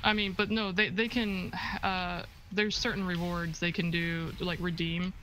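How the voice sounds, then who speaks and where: A woman's voice: lowish voice, little pitch movement, unhurried, fairly bright tone, a little hiss or hum. A woman live streamer chatting while she plays, stumbling over words and swearing when flustered, cold in her room. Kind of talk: casual chat while gaming.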